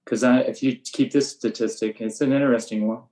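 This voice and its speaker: An older man and veteran baseball coach talks through his practice methods in a relaxed interview, matter-of-fact, and now and then he acts out the blunt lines he says to his players. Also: medium pitch, brisk, low-quality recording. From USA. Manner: flat, matter-of-fact storytelling, acting out his own sharp coaching lines. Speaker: high school baseball coach.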